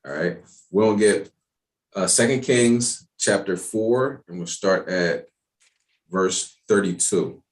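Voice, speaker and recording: A man teaching an evening Bible class in a casual, streetwise way, talking in animated asides. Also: low-pitched, slow.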